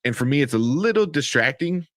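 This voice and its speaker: Animated, profane man reviewing movies. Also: medium pitch, fairly quick, no echo. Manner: animated, profane, laughs often. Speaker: podcast co-host. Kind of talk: casual movie review chat.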